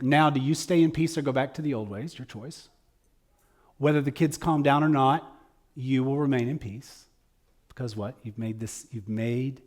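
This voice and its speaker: A man preaching in a folksy, conversational way. He is earnest and pushes hard on key points, then drops to quiet asides. His voice sits at a middling pitch. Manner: earnest, folksy, shifts between loud emphasis and soft asides. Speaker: speaker at a church service. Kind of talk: conversational sermon.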